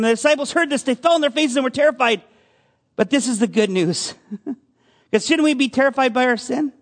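A male pastor giving a conversational sermon, asking his congregation questions as he goes. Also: extremely high pitch. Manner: conversational preaching with audience questions.

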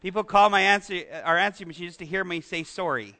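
A man's voice: high-pitched, fast talker, bright, forceful tone. A man with a Canadian accent preaching a conversational sermon, chatty and joking with his congregation, trailing into asides and restarts. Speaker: pastor.

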